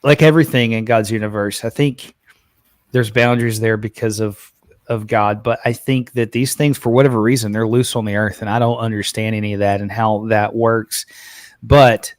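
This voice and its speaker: A man hosting a live podcast, chatting casually and excitedly, often repeating words as he goes. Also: lowish voice, normal speed, dry recording. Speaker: podcast host. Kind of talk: casual live-stream chat.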